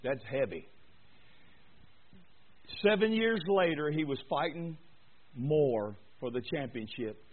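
A high-voiced pastor preaches a sermon in church, swinging from quiet, rambling murmurs up to shouted, pleading exhortation. He speaks slowly with lively intonation and frequent pauses, and the sound is thin and tinny, as though over a phone line.

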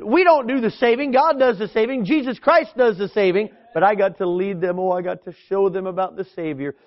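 A man's voice: sits high, dull audio. A man, a pastor, preaching a sermon in an emphatic style, with frequent fillers and restarts.

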